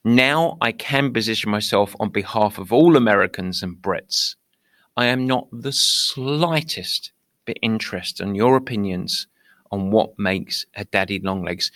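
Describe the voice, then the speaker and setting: Lively British man with gravelly voice. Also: on the low side, measured pace, no echo, clean studio sound. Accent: British English. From England. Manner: playful, theatrical, mock-indignant. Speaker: podcast host. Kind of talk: upbeat podcast monologue.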